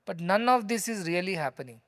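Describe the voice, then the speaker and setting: High-voiced Indian English spiritual teacher. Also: male voice, expressive, fairly quick, fairly bright tone. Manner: conversational, explanatory, emphatic. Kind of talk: spiritual discourse with storytelling. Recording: long hall reverb.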